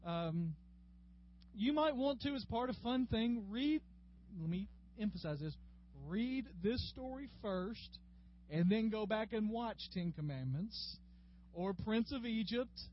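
A man leads a Bible class in a chatty, folksy way, his voice sitting fairly high for a man. The recording is dull and lo-fi, with a faint hum in the room behind him. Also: expressive, measured pace. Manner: folksy and chatty, addressing class members by name. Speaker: Bible study teacher. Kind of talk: conversational Bible class teaching. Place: classroom with a group.

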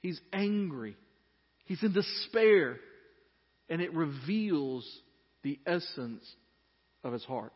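A man delivers an animated sermon to a congregation, voicing complaints with flair. His voice is high and a little husky. The long reverb of a church hall and a dull, muffled recording surround him. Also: takes it slowly, pauses often. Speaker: pastor.

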